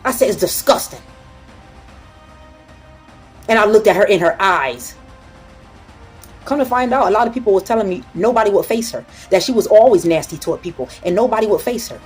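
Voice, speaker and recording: A woman's voice: medium pitch, animated, fast talker, darkish tone, slightly rough, faint music behind. A woman hosting a casual motivational talk, blunt and profane as she tells stories to her audience.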